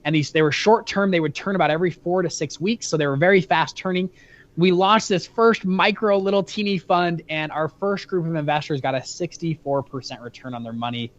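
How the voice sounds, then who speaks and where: A young man in his twenties, an interview guest, telling a story energetically, with many quick restarts. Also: on the high side, lo-fi sound. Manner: energetic, fast-talking storyteller with frequent restarts. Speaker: guest, fund founder.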